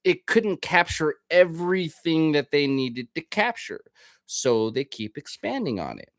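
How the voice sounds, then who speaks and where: A man's voice: fairly high pitch, sing-song, measured pace, no echo, studio quality. A man, the host of a podcast, delivering a casual, rambling monologue full of swearing. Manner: profane, rambling, ranting.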